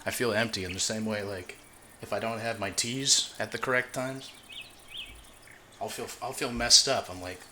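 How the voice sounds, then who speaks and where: A man's voice: on the low side, steady tone, moderate pace, sharp tone, a little hiss or hum. A man live-streaming, chatting casually as he reacts to a video, swearing and laughing often. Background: faint music.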